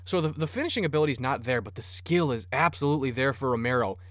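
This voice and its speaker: A man's voice: medium pitch, quick pace, fairly bright tone, no echo, studio quality. Profane, rambling man. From Minnesota. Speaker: podcast host. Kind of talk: casual sports podcast talk.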